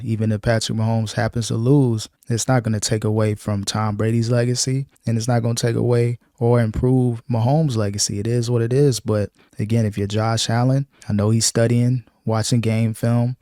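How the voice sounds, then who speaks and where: A man talking through his sports takes in a casual, conversational way. His delivery is very flat, and the recording is dry and close. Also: medium pitch, no room sound. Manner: plain, conversational, uses filler phrases. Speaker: channel host reacting to clips. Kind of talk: casual sports reaction commentary.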